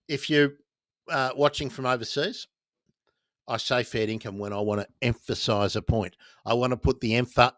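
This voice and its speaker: A man's voice: mid-range voice, fairly bright tone, no echo, studio quality. A man with an Australian accent hosting a casual livestream, talking bluntly, swearing and reading viewer comments aloud. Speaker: livestream host.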